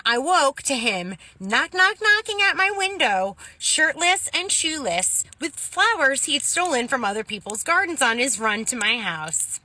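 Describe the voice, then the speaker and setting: A woman telling a personal anecdote casually to camera with a wry, animated delivery. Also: high-pitched.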